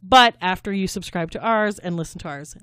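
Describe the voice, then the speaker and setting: A woman's voice: fairly low pitch, fairly quick, pushed and bright, clear, resonant tone, no room sound, clean studio sound. A woman co-hosting a podcast, chatting in a rambling, giggly way. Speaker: podcast co-host. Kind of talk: casual chat.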